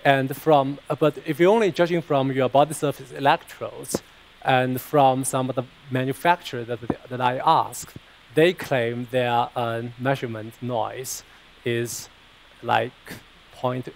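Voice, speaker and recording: Gravelly, hesitant man presenting research. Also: medium pitch, steady tone, a little slow, poor audio. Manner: hesitant, repeats words and fills with uh. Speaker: presenter answering questions on his research. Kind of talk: technical Q&A after a talk.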